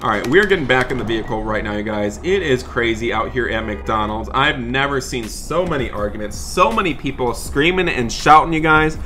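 A man hosting a game video, narrating a role-play with exasperated, apologetic talk that keeps rising into loud scolding. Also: medium pitch, animated, a little fast, hardly any pauses, soft background music. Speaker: gaming channel host.

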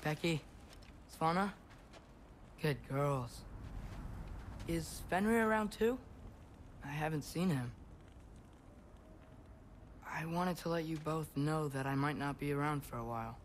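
A man's voice: a little high, slow, pauses often, slight background noise. Atreus, earnest teenage boy. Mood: tender. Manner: soft-spoken, sincere. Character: earnest teenage boy hero, brave, gentle.

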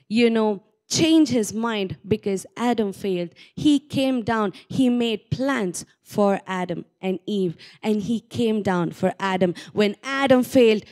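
A woman preaching a sermon, earnest and rising to fervent exhortation. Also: a little high.

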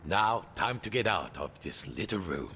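A man's voice: low voice, big pitch swings, normal speed, pushed and bright, a little hiss or hum. A man narrating a game story in a playful, theatrical storybook manner.

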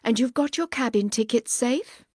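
A woman's voice: on the high side, moderate pace, no room sound, studio quality, pitched above the performer's own voice, natural voice. Woman reading as a stern, tired father. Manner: gently firm, quietly sad. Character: tired stern middle-aged father saying goodbye.

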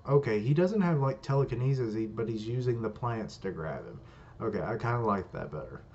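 A man's voice: lowish voice, a little hiss or hum. A man reacting live to a manga chapter as he reads, with casual, wry commentary. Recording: muffled lo-fi recording.

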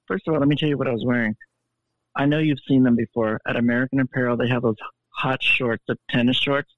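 A man's voice: medium pitch, fairly even intonation, fast talker. Flamboyant man over a tinny line. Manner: flamboyant, theatrical. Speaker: podcast guest. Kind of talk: animated storytelling.

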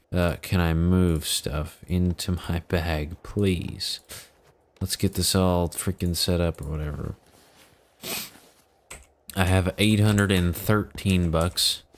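A man giving casual, joking gameplay commentary, talking back to the game's characters in mock exasperation. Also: sits low. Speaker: gaming YouTuber.

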